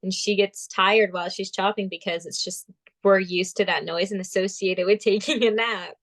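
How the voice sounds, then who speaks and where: Lively young woman from Vermont telling stories. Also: mid-range voice, moderate pace. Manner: animated storyteller, acts out quotes. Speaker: guest, pageant titleholder. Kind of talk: casual interview storytelling.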